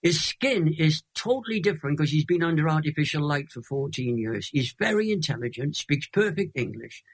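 Husky older Welshman telling a story. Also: a little high, normal speed. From Wales. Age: 80s. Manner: lively, dramatic storyteller. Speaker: guest. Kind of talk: emotional testimony storytelling.

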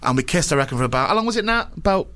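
A man hosting a radio show, talking fast with a slightly raised pitch. He rambles through self-mocking anecdotes in a comic chat style. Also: animated, fairly bright tone.

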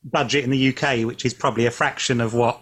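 A man interviewing a guest, asking long searching questions with halting restarts. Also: mid-range voice, steady tone, fairly bright tone, husky. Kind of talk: casual interview chat.

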